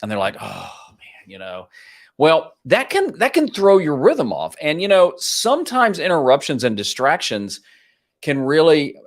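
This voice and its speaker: A man's voice: fairly high pitch, wildly swooping pitch, normal speed. A man hosting a live stream from his home office studio, chatting casually and greeting viewers by reading out their comments. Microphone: home office studio mic.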